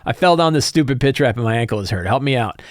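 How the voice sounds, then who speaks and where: A man's voice: medium pitch, animated, fast talker, no echo, studio quality, voice pushed down, lightly acted. A man doing a whiny ogre stuck in a pit. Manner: whining, complaining.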